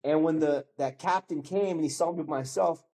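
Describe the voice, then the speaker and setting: A man in his fifties tells his personal story in an easy, animated way, acting out the people involved. His voice sits a bit high for a man, with a warm, mellow tone. He keeps sprinkling in "bro" and "man.". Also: moderate pace. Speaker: guest sharing his testimony. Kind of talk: casual storytelling.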